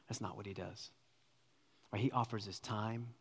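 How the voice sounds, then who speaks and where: A man preaching a sermon as pastor, swinging between loud emphatic lines and hushed near-whispers. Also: on the low side, steady tone, moderate pace, breathy edge. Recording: long reverb of a large hall.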